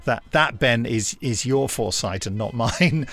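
Gravelly man, wry podcast co-host. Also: medium pitch, measured pace, a bit bright. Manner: wry, rambling, playful. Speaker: podcast co-host, audio drama producer. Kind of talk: casual chat.

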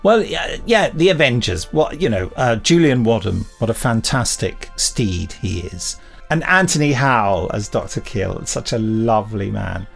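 A man's voice: fairly low pitch, animated, measured pace, gravelly, faint music behind. A man co-hosting a podcast, chatting casually and telling anecdotes with little impressions of other people. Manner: chatty anecdotal storytelling with mimicry. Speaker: podcast co-host. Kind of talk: casual chat.

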